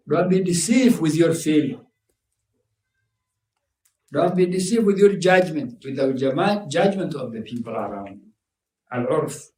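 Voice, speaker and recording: Male preacher, fairly high voice, heard from a distance in a roomy space, giving an emphatic, repetitive sermon. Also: a little mellow. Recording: echoey room, mic at a distance.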